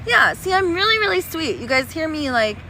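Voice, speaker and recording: A woman's voice: very high-pitched, very animated, a little fast, bright, forceful tone. A woman chatting on a casual livestream outdoors, reading chat in a playful, doting, sing-song way. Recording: noisy outdoor street recording. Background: traffic noise.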